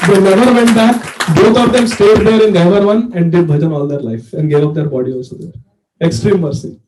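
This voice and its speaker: Mellow high-voiced man telling a devotional story. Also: steady tone, brisk, some chatter behind, a little hiss or hum. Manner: chatty, laughs often, acts out the story. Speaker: speaker giving a scripture discourse. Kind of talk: storytelling sermon.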